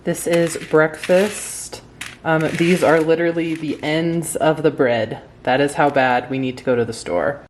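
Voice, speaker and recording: A woman from Colorado talking casually to camera in a vlog, relaxed and chatty, with easy slang and filler words. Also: deep voice, measured pace, slight background noise. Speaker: vlogger. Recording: background music under the voice.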